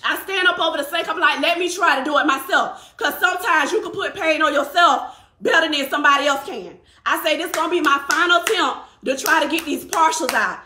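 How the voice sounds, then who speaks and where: A woman's voice: high voice, a little fast, roomy sound. A woman tells a personal story in casual talk, acting out what others said. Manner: animated, acts out quotes of others.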